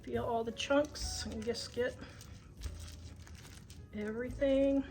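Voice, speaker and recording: A woman's voice: on the high side, steady tone, slow, long pauses, a little mellow, rough recording. A woman hosting a casual cooking demonstration in her home kitchen, chatty and homey, talking through each step aloud. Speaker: home cook and channel host. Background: background music.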